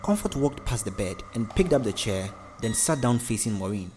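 A man narrating a story in a steady, even reading voice. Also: mid-range voice, normal speed, soft background music.

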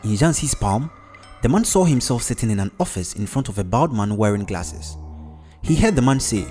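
A man narrating a story in a measured, even delivery. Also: medium pitch, soft background music. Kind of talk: storybook narration with character voices.

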